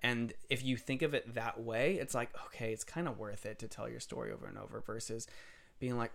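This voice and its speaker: A man's voice: medium pitch, brisk, vocal fry, a bit bright. A young man, an emergency tech, explaining hospital routines in a rambling, self-correcting podcast chat. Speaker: EMS trauma tech, podcast guest. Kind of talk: casual podcast conversation.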